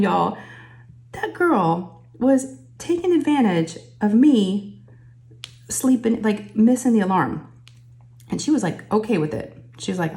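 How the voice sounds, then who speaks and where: A woman, hosting a crafting channel and telling stories in a casual, animated way, jumping up in pitch to quote people. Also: moderate pace. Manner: says "oh my gosh" and "y'all" often. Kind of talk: casual chatty storytelling.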